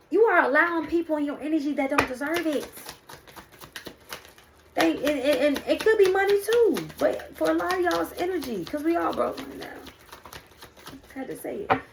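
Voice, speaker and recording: A woman's voice: extremely high pitch, animated, normal speed, pauses often, noisy background. A woman doing a casual spiritual card reading, preaching to her viewers and calling them "y'all" and "baby". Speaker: spiritual reader.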